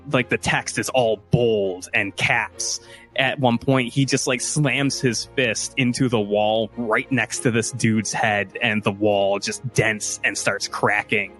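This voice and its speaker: A man's voice: fairly low pitch, steady tone, takes it slowly, a bit bright, faint music behind. A man narrating a tabletop game as game master, telling the story casually with filler words.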